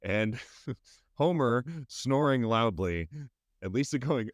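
A man co-hosting a podcast in casual chat, laughing often and stammering when he gets excited. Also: mid-range voice, takes it slowly, no room sound. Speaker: podcast co-host.

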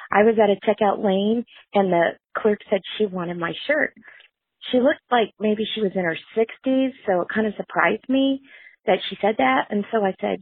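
Husky woman on a phone line. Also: medium pitch, no room sound. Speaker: caller leaving a voicemail. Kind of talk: casual anecdote.

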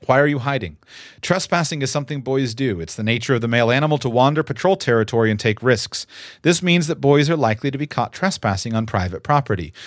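A man's voice: mid-range voice, no room sound, clean studio sound. A young man who reads a guide aloud and adds his own earnest, emphatic advice, stressing the key words. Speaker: instructor giving advice. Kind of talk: reading a guide aloud with commentary.

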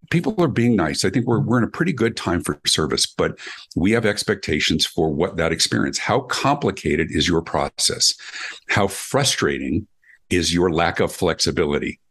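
Man, middle-aged, low voice, swinging wide in pitch, husky, interview guest. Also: expressive, normal speed, a bit bright. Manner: acts out quoted dialogue with big pitch jumps. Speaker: guest speaker and consultant. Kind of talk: animated storytelling interview.

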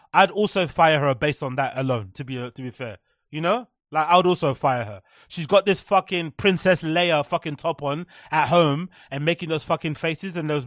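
A man's voice: fairly high pitch, a bit bright, no echo, studio quality. A man hosting a podcast, ranting sarcastically and profanely about online clips, with mocking impressions. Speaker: podcast host. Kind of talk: comedic commentary on clips.

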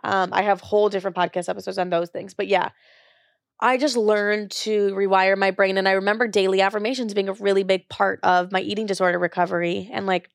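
Frank young woman, gravelly voice. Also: medium pitch, flat delivery, fairly quick, no echo, studio quality. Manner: casual, frank, filler-heavy talk with frequent "like" and swearing. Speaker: podcast host. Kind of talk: candid personal monologue.

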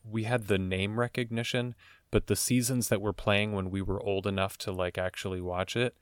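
A man co-hosting a podcast in casual chat, making relaxed, dry comments. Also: fairly low pitch, moderate pace, clear, resonant tone, dry recording. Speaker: podcast co-host.

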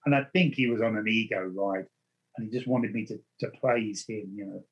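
A man's voice: on the low side, moderate pace, breathy edge, muffled recording. A man, a medium, earnestly recounting his experiences in conversation and often restarting his words. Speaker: spiritual medium. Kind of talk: storytelling in conversation.

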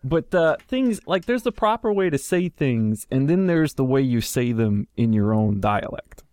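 A man's voice: mid-range voice, moderate pace, smooth, dry recording. A Texan man chatting on a group podcast, his voice swinging up and down as he jokes and laughs. The sound is dry and close. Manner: animated, laughing, joking asides. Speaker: podcast co-host. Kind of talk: casual group chat.

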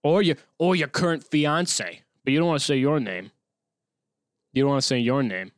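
A man's voice: mid-range voice, moderate pace, dry recording, studio quality. A male podcast host in casual solo chat, rambling and sarcastic, swearing often and breaking off his own reading to comment.

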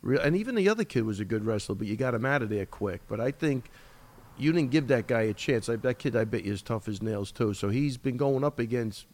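Storytelling coach, swearing, casual. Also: male voice, medium pitch, fairly quick. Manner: storytelling, animated impressions, swearing. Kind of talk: casual podcast chat.

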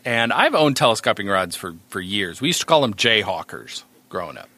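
New hampshire guy on a podcast, animated storyteller, bright voice, pokes fun at himself. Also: on the low side, a little fast, dry recording. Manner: animated, self-mocking, sudden outbursts. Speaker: podcast co-host. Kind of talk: casual storytelling.

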